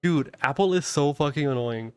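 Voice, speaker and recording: A young man rambles through casual stream chat, cursing freely and trailing off. His voice is smooth and clear. The sound is dry and close. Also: on the high side, normal speed, no room sound. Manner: loose, rambling, swears casually. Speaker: streamer and VTuber host.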